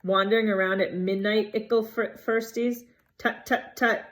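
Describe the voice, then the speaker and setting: A woman's voice: mid-range voice, steady tone, normal speed, voice pushed up, natural voice. A woman doing a cackling, taunting poltergeist. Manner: singsong, taunting. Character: cackling mischievous male poltergeist.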